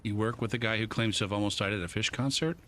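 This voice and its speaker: A man streaming a game, telling a story in a casual, laid-back way, swearing constantly and filling pauses with um. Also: lowish voice, sharp tone, slight background noise.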